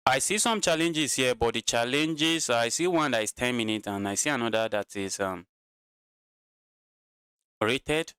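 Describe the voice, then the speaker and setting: A man's voice: mid-range voice, measured pace, pauses often, bright, forceful tone, clean tone, no room sound. A man commentating his own live chess games, talking to his chat and repeating phrases while he plays, sounding tired. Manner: repeats himself, talks to chat. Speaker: chess streamer.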